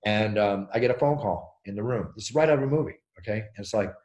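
A middle-aged man tells his stories at a fast clip, with energy. His voice sits a bit low, and he acts out quotes and sound effects as he talks. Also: darkish tone. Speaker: interview guest, ring announcer. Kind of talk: animated storytelling.

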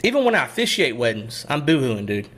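A young man co-hosts a relaxed podcast. He rambles through stories, pokes fun at himself and laughs easily, with a pitch that moves up and down a lot. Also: quick pace. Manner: rambling, self-deprecating, laughs often. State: a bit out of breath. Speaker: podcast co-host and youth pastor. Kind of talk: casual podcast chat.

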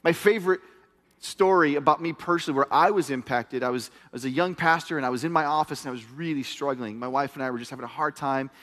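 A middle-aged man preaching a sermon as pastor, telling stories in an animated way that swings from hushed to loud. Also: mid-range voice, quick pace. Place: church hall. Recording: long hall reverb.

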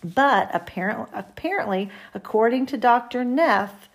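A woman with a gravelly, fry-edged voice hosts a self-help podcast. She talks straight to her listeners in a chatty, encouraging way, like a coach walking them through an exercise. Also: on the high side, animated, unhurried. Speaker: podcast host.

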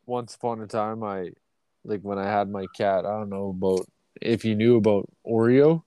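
A man's voice: fairly low pitch, fairly even intonation, moderate pace, warm tone, clean tone, dry recording. Profane, rambling Canadian man telling stories. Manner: profane, rambling anecdotes with acted quotes. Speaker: podcast co-host. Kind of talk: casual chat, storytelling.

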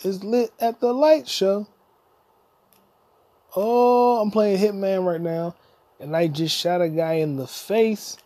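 Speaking slowly with frequent pauses, this man has a high voice and dark tone, recorded without echo. He hosts a solo podcast, delivering a rambling, profane, joking rant with bits of singing.

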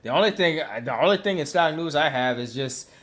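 A man's voice: on the high side, animated, a little fast, fairly bright tone. A man co-hosting a podcast in casual chat, slangy and profane, laughing often. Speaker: podcast co-host.

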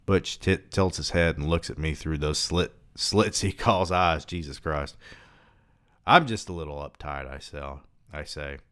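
A man with a very deep, smooth and resonant voice reads a novel aloud. He stops now and then for relaxed commentary and swearing asides. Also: unhurried, hardly any pauses. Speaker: reader and book commentator.

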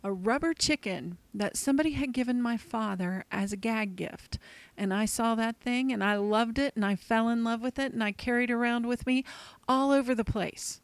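A woman's voice: a little high, moderate pace, dry recording. A woman co-hosting a show, telling a childhood story in a wistful, earnest way. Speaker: co-host. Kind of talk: personal storytelling.

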